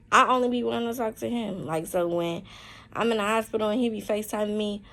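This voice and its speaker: A young woman vlogs candidly from a hospital room, her speech slow, halting, heartfelt and full of fillers. Her voice is lowish, and the recording is rough.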